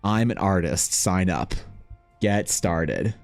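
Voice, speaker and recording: A man's voice: low voice, lively intonation, takes it slowly, vocal fry, soft background music. A man from Canada, an artist streamer, chatting casually and profanely while drawing and reading chat aloud.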